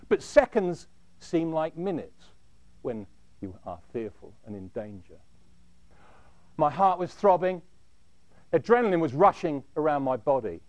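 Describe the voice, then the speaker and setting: A man tells a dramatic first-person story, his high voice swooping widely. He speaks deliberately, each phrase dying away low and quiet, and the audio is close and dry with no room echo.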